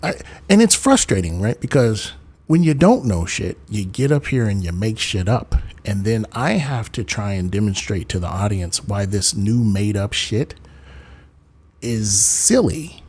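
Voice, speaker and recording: A man's voice: fairly low pitch, a little slow, husky. A man hosting a debate livestream, chatting casually and profanely with his viewers. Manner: profane, animated, talks to his chat. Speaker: debate stream host.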